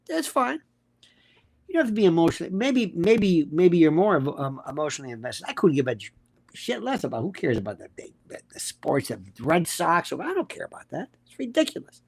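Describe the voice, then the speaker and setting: A man's voice: very high voice, fairly bright tone. A man hosting a livestream, reading out viewer comments and answering them in a blunt, combative way with lots of rhetorical questions. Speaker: host and legal commentator.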